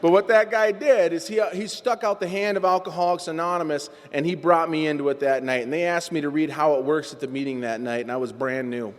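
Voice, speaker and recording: A man speaking at a recovery meeting, telling his personal story in an animated, self-mocking way. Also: on the high side, fairly quick, hardly any pauses. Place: meeting hall. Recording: long reverb from a large hall.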